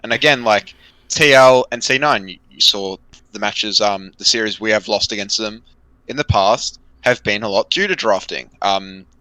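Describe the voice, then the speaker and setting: Young guy on a podcast, bright lowish voice, dry sound, lots of ums. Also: moderate pace, no room sound, low-quality recording. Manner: hesitant, many fillers and restarts. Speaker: podcast co-host. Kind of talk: casual esports chat.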